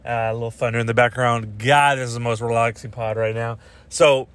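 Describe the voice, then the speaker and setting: A young man hosts a podcast, ranting in a loose, rambling way. He swears constantly and gets animated as he talks. His voice sits at an ordinary middle pitch. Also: brisk, clear, resonant tone. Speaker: podcast host. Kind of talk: casual podcast rant.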